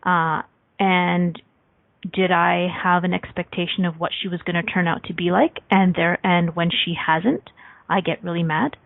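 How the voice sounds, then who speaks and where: Woman, radio host, self-help talk, animated and confessional, slightly low voice, dry sound. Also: normal speed, creaky, dry recording. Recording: dry, phone-like line.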